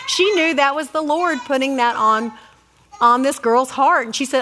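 A middle-aged woman telling faith-based stories about family in a casual, animated way, acting out voices and adding many asides. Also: sits high, moderate pace, big-room sound, a little hiss or hum. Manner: animated, acts out quoted voices, lots of asides.

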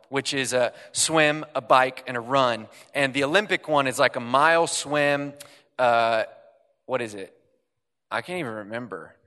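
Young man, self-deprecating storyteller, slightly high, tense bright tone; hall reverb. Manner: self-deprecating, chatty, joking with audience. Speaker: guest speaker. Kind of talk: humorous storytelling talk. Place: large hall with audience. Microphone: handheld microphone.

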